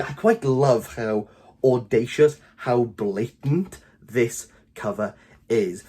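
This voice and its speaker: A man with a Welsh accent giving an opinionated book review in a vlog, talking in animated, exasperated bursts. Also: mid-range voice, slightly rough. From Wales.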